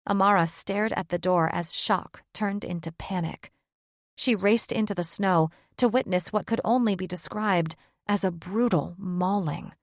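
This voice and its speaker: A woman giving steady, scripted narration of a fantasy romance audiobook. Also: mid-range voice, unhurried, no room sound, studio quality.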